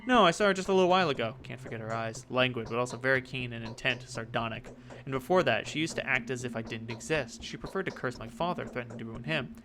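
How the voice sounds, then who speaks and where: A man reading the lines of a suspicious young nobleman heir from a game, in his own gravelly voice. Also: mid-range voice, fast, background noise, natural voice. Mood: uneasy. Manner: reads game dialogue aloud in his own voice.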